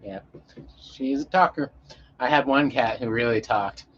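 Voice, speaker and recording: A man's voice: mid-range voice, measured pace, dull audio. A man chatting casually on a live stream, rambling and swearing in an easygoing way.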